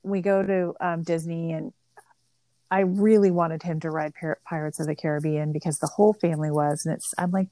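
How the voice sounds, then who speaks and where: A woman's voice: low voice, steady tone, brisk, mellow, no room sound. A middle-aged woman, a mother and podcast guest, telling family stories in casual conversation, chatty and full of "like" fillers. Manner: chatty, storytelling with many "like" fillers.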